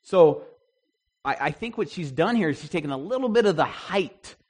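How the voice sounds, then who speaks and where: This man, also running an interactive Bible study, has a fairly high, slightly rough voice and an animated delivery at a moderate pace. He chats with the group, poses questions to them, and frequently starts his sentences over.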